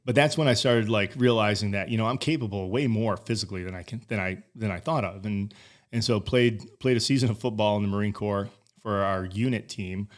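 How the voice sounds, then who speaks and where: This podcast guest is a man in his forties whose fairly low voice moves briskly. His casual talk wanders, gets profane, and is full of restarts.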